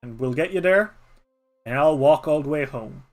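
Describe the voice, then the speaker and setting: Man doing a gruff old Irish badger. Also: fairly high pitch, expressive, normal speed, soft background music, lightly acted. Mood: brusque. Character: grumpy stubborn old male postal badger.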